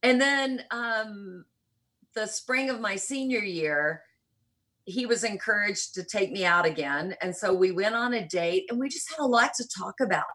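An older woman with a faint Southern lilt that still slips into her vowels. Her voice is husky and a little breathy, and she tells her stories in a relaxed interview, reflective with a light touch of humor. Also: medium pitch, measured pace. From rural Kentucky, US. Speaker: interview guest, church missionary. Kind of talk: conversational interview.

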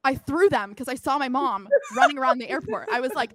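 A young woman in her twenties, a podcast co-host, telling a story in casual chat, filling it with "like" and acting out quotes in a loud voice. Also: high-pitched, fast talker. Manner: animated storytelling, acts out quotes loudly; heavy use of "like".

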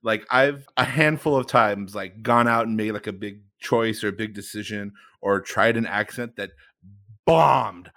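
A man's voice: fairly low pitch, fairly even intonation, normal speed, few pauses, bright, forceful tone, dry recording, clean studio sound. A man co-hosting a casual podcast, telling rambling stories with laughter. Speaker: podcast co-host. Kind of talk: casual chat among improvisers.

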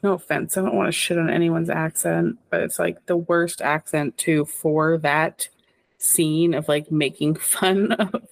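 A woman's voice: on the low side, no room sound. A woman co-hosting a casual podcast chat, giggly and rambling after some wine. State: tipsy from wine. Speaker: podcast co-host.

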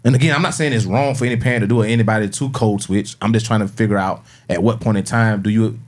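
A man's voice: fairly low pitch, fairly even intonation, fast. A man co-hosting a podcast, talking casually and animatedly, asking questions and mimicking voices. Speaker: podcast co-host. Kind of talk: casual chat.

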